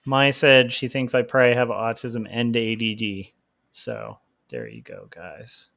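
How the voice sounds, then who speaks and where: A man's voice: medium pitch, expressive, measured pace, gravelly, fairly bright tone. A man hosting a livestream, chatting casually in a rambling, self-deprecating way with lots of fillers and laughter. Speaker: livestream host and comic artist. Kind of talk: casual chat while drawing.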